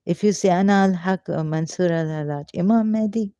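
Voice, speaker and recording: A man's voice: sits high, mellow, clear, resonant tone, no echo. A man reading a prayer aloud, then breaking off to comment on it, speaking English in non-native phrasing, repeating chanted phrases, laughing and mocking himself. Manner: slow, halting delivery with repeated chanted phrases. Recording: dull lo-fi dry recording.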